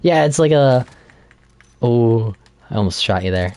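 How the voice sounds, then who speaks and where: A man co-hosting a casual podcast, chatting while playing a game and retelling a plot with animated laughter. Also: mid-range voice, measured pace. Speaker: podcast co-host.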